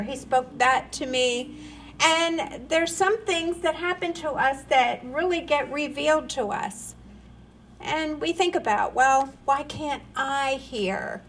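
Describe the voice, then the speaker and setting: A woman's voice: sits high, a little hiss or hum, low-quality recording. A woman preaching a sermon, earnest and rising into emphatic questions.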